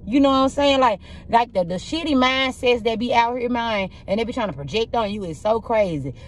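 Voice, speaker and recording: Rough-voiced woman telling blunt stories. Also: on the high side, fairly quick. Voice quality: rough, husky voice. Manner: blunt, profane, animated storytelling. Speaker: tarot reader. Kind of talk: casual tarot reading with storytelling.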